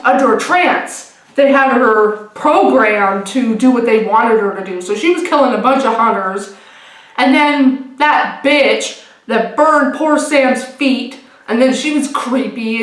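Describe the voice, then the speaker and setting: Rambling young woman vlogger, echoey room. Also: fairly high pitch. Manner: rambling, swearing, restarts often. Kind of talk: casual TV recap. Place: room at home.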